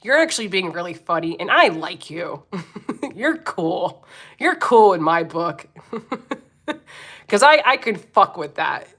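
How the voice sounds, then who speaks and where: A woman's voice: lowish voice, big pitch swings, slow, long pauses, a bit bright. A woman in her forties from Philadelphia with a Philly accent, hosting a casual livestream, reading comments, laughing often and swearing freely. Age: 40s. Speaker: livestream host.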